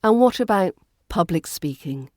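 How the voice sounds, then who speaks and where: A woman with a British RP accent, hosting a podcast lesson in a clear, measured, well-enunciated delivery. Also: lowish voice, animated, darkish tone, no echo, studio quality. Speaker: accent coach and podcast host.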